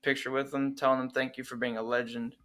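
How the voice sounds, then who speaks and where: A young man with an ordinary mid-pitched voice chats easily on a podcast. He drops in frequent fillers and sounds close to the mic. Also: flat delivery, quick pace, pushed and bright. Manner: easygoing, filler-heavy. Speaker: podcast co-host. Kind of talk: casual chat.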